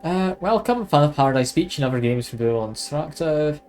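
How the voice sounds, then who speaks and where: A man's voice: on the high side, animated, a little fast, a little mellow, soft background music. A man streaming a detective game, chatting wryly and reading game text aloud. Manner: chatty, wry, reads aloud with asides.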